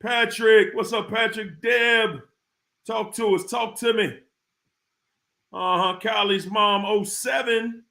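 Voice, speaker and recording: A man's voice: sits high, fairly even intonation, slow, vocal fry, pushed and bright. A man hosting a livestream who greets viewers by name, hyped and whooping now and then. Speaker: livestream host. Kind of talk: live chat shout-outs.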